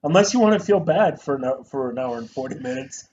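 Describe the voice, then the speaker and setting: A man co-hosting a casual movie review show, talking in an animated, profane way and mimicking actors. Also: medium pitch, fast. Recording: dull lo-fi sound with faint noise.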